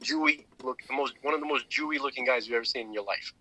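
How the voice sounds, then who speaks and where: A man's voice: medium pitch, fast talker, sharp tone, a little hiss or hum, poor audio. A man on a podcast, casually retelling a story with lots of fillers and restarts. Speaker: podcast co-host. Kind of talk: casual chat.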